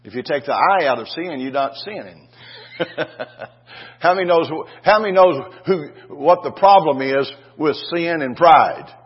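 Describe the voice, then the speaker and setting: A husky-voiced older male pastor preaches in a homespun, storytelling way and keeps checking in with his congregation. The recording is dull and lo-fi. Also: a little high, lively intonation, measured pace. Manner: folksy, restarts with "and, uh", asks "Amen?" of the congregation. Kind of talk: sermon.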